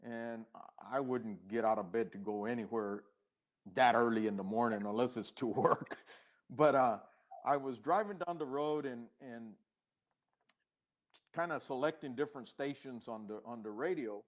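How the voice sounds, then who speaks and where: A middle-aged man, a podcast guest, telling his own story in an unhurried, reflective way, with pauses and restarts, and acting out the past conversations. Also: mid-range voice. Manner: acts out past dialogue.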